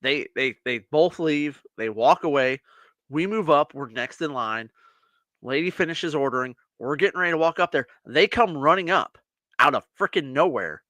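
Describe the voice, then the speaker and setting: With a voice a little on the high side and a moderate pace, an American podcast co-host tells a story in casual talk, animatedly acting out the people involved. The recording is dry.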